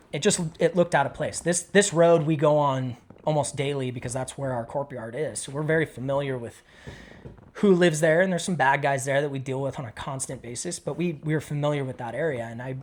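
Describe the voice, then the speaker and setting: A middle-aged man, a retired police dog handler, casually and profanely retelling a tense street encounter in an interview, acting out the dialogue. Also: medium pitch.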